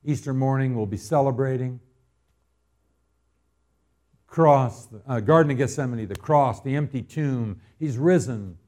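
A man from Arizona preaching a sermon as pastor, telling homespun stories and building to loud, emphatic appeals. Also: medium pitch, unhurried, pauses often.

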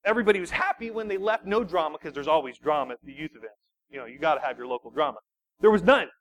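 High-voiced man preaching a lively sermon. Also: very fast. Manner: animated, self-deprecating storytelling with frequent restarts. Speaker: youth pastor.

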